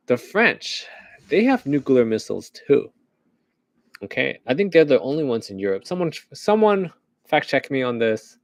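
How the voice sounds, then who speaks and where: A man's voice: medium pitch, big pitch swings, normal speed, dry recording. A man from the United States giving rambling, joking current-events commentary on a livestream, often laughing at his own jokes.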